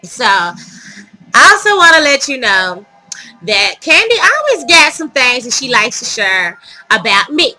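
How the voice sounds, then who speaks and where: A woman vlogger telling a dating story to her viewers in casual, animated storytelling, dramatic and laughing as she goes. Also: high-pitched, unhurried, soft background music, rough recording.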